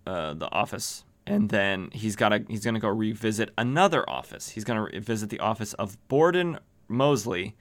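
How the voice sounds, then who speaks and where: Male podcast host, bright tone, casual comic recap full of wry asides. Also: on the low side. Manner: rambling, joking asides, many fillers.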